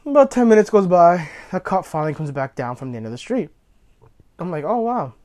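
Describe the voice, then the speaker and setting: Young guy, slightly high voice, loose profane storyteller who wanders and backtracks. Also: very animated, fairly quick, mellow. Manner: rambling, swears freely, self-correcting. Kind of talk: casual anecdote telling.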